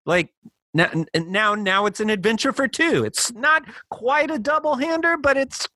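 A man with a high, bright voice talks movies eagerly, stumbling over his words and jumping in mid-sentence. His sound is close and dry, with no room around it. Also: animated, normal speed, no room sound. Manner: enthusiastic, talks over others, restarts often. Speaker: podcast co-host. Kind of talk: casual chat.

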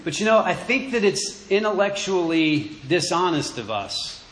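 A man preaching a sermon in church, halting and repeating words as he goes. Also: high voice, very animated, a bit bright, slight background noise. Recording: echoey room.

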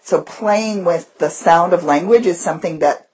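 A woman's voice: lowish voice, normal speed, slightly rough. A woman teacher co-hosting a podcast, chatting casually and animatedly about her classroom. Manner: animated storyteller, breaks into voices. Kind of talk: casual chat.

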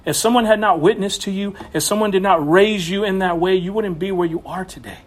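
A young man preaching a sermon, animated, with bursts of raised voice. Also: high voice, a little fast. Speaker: pastor.

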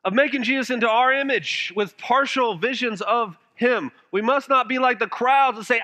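A man preaching a sermon with passion, now and then dropping his voice to a hush for emphasis. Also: moderate pace, few pauses. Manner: impassioned preaching, dropping to hushed low phrases for emphasis. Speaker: pastor.

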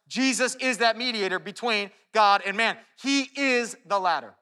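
Man, pastor, high voice, earnest sermon, echoing sanctuary. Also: moderate pace, few pauses, smooth. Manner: earnest, animated preaching with repeated restarts. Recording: long hall reverb.

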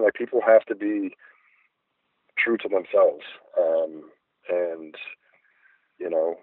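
A man's voice: on the low side, husky, no room sound. A middle-aged man, a guest artist, chatting in a reflective, rambling way with many fillers. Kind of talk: casual interview chat. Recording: phone-like dry line.

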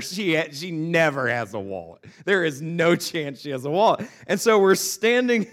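A pastor in his thirties stands in a church sanctuary, sharing a humorous personal anecdote full of repeated words before moving on to scripture. He has a high voice with a fairly bright tone.

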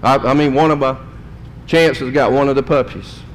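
A man preaching a sermon, in folksy storytelling that swings between loud and quiet. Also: steady tone, moderate pace. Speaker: pastor. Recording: long hall reverb, faint rumble.

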